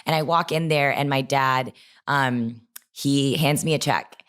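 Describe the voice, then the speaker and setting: A young woman telling a personal story in a conversation, animated and chatty with lots of "like". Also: very deep voice, a little slow. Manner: animated, lively, full of "like". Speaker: guest, online creator.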